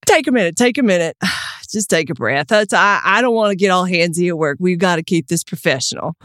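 A woman improvising a nervous, flirty new fast-food employee over a video call. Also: fairly low pitch, a bit bright, no echo, clean studio sound, natural voice. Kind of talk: improvised comedy scene.

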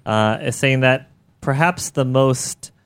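A man's voice: mid-range voice, takes it slowly, a bit bright, clear, resonant tone. A man on a tech podcast panel, passing on listener comments with plenty of fillers and a good-humored, hesitant manner. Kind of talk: casual tech chat.

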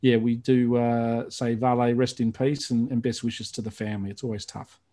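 A man's voice: medium pitch, level tone, normal speed, warm tone. A middle-aged Australian man co-hosting a podcast in casual chat, rambling with many fillers and restarts. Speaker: podcast co-host.

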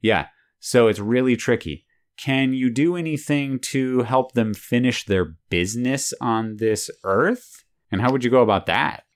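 Give me a woman with an extremely deep voice, patiently questioning a child in a casual chat. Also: a little slow. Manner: patient, checks understanding by restating answers. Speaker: interviewer.

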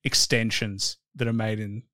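A man's voice: fairly low pitch, flat delivery, unhurried, sharp tone, dry recording, clean studio sound. An Australian man hosting a podcast, chatting casually and playfully with his guest. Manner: chatty, playful, mimics accents. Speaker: podcast host. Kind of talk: casual interview chat.

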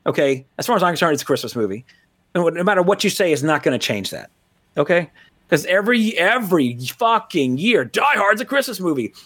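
A man hosting a podcast in casual chat, rambling and animated, swearing freely. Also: fairly high pitch, a little fast. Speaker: podcast host.

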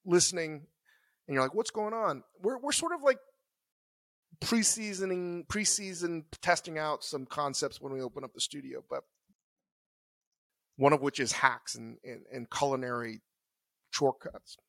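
A man's voice: fairly high pitch, moderate pace, long pauses, fairly bright tone, dry recording. Man rambling casually on a podcast. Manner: rambling, loose and conversational. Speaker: podcast co-host. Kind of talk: casual chat.

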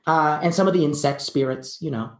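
A woman voicing a gentle, polite female bush baby spirit in a tabletop role-play, talking in a hesitant, apologetic way. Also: low voice, brisk, close to an everyday voice. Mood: chatty. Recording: roomy echo.

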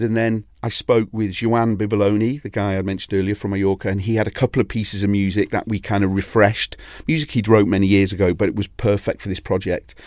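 A man's voice: on the low side, a little mellow, no echo, studio quality. A Welsh man, a DJ and label owner, chatting in an interview and telling long anecdotes with many restarts. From Wales. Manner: rambling anecdotal storytelling, frequent restarts. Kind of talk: casual interview chat.

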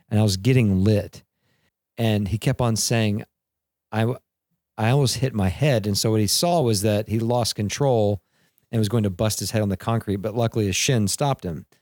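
A man in his thirties tells parenting stories on a podcast, often acting out what people said. His voice sits on the low side. The recording is dry and close, with no room sound. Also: no room sound. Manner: animated storyteller, acts out quotes, laughs. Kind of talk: casual podcast conversation on parenting and mentoring.

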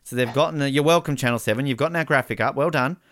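A man hosting a casual sports podcast, with jokey, excitable live commentary. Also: mid-range voice, racing, dry recording. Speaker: podcast host.

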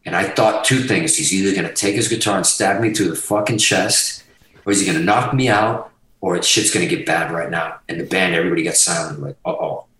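A man from Massachusetts telling profane, animated stories as a guest on an interview show. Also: low voice, a little fast, echoey room, distant mic, poor audio. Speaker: guest guitarist. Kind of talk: casual storytelling interview.

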